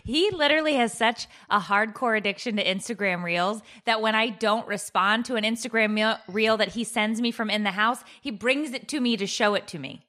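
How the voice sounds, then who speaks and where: Bright-voiced middle-aged woman hosting a podcast. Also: fairly high pitch, moderate pace, few pauses. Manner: laughs easily, self-deprecating. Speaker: podcast host. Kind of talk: casual chat.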